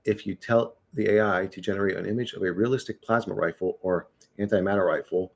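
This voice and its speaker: A man's voice: sits low, fairly even intonation, fairly quick, creaky. A man chatting casually on a livestream, rambling and swearing, often restarting his words.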